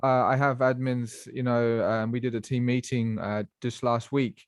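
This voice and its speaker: A man's voice: mid-range voice, level tone, moderate pace, dry recording. Dry-sounding man hosting a podcast. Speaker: podcast host. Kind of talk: casual podcast chat.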